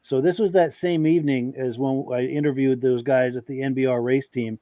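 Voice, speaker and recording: Male host, mid pitch, dry close sound, upbeat and agreeable, reading comments. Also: steady tone, a little fast, warm tone, no echo. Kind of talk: casual chat, reading viewer comments.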